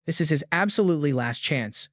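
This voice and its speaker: A man's voice: a little high, animated, a little fast, a bit bright, no echo, studio quality. A man voicing a cold, arrogant young male swordsman, speaking in a blunt, icy, curt way.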